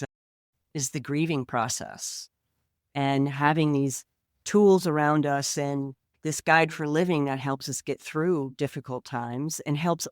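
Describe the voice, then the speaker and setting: A woman's voice: sits low, no echo, clean studio sound. A woman co-hosting a podcast, talking in an earnest, reflective way. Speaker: podcast co-host. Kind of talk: casual podcast chat.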